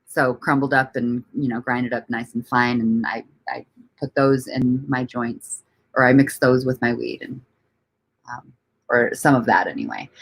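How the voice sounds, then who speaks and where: On a laid-back livestream, a female host speaks at a moderate pace in a very deep, creaky, husky voice. She works through viewer comments, wanders from thought to thought, and peppers it all with laughter and offhand curses.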